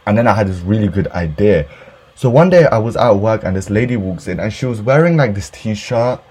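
A man's voice: on the low side, expressive, fairly quick, a little mellow, breathy edge. A young man, ranting casually and profanely about customers while telling retail stories for a podcast. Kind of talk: casual storytime rant.

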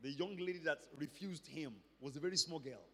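A man's voice: fairly high pitch, a little fast, slightly rough, in a large hall. A Nigerian man preaching as a pastor, telling a testimony and acting out the dialogue as he goes. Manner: animated storyteller acting out dialogue. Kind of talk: sermon testimony.

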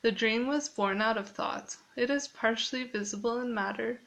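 A woman reading aloud as a calm, patient fatherly creator god who speaks softly. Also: on the high side, normal speed, creaky, rough recording. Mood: gentle.

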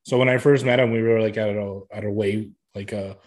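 A man's voice: lowish voice, steady tone, brisk, a little mellow. A man hosting a casual chat, joking and giving short replies.

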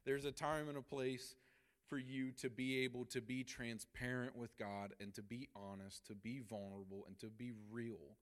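A young man teaching a church Bible study lesson, energetic, laughing often and acting out quotes. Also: medium pitch, normal speed.

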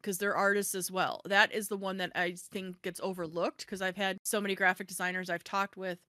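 Woman, podcast host, casual chat, animated storytelling, middle pitch, dry close sound. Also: brisk, no echo. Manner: animated storyteller, acts out quoted exchanges.

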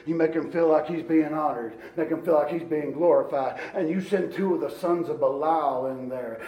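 A man preaching a sermon, moving between quiet storytelling and shouted exhortation. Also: fairly high pitch, moderate pace, hardly any pauses, far from the mic. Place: church. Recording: echoey church hall.

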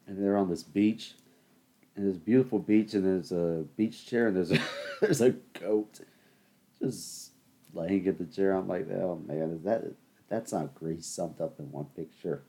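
A man's voice: low-pitched, a little slow, dark tone, breathy edge. A young man hosting his own show, telling rambling stories and talking straight to his listeners in a casual, joking way. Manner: chatty, rambling, addresses listeners as people. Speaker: podcast host. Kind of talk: solo comedic rant.

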